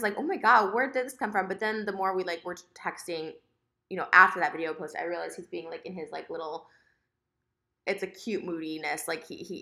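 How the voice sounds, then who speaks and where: A woman's voice: medium pitch, sharp tone. A woman vlogger telling a breakup story to camera in a rambling, emotional way, full of filler words. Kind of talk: casual storytime rant to camera.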